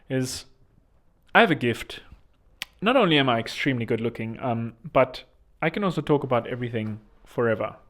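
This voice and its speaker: A man hosting a podcast, talking in a rambling, chatty way with joking asides. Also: medium pitch. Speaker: podcast host. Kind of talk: casual podcast monologue.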